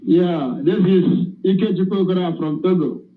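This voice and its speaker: A man's voice: high voice, normal speed. A man calling in, sounding eager and happy to get through. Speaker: caller. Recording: tinny phone line.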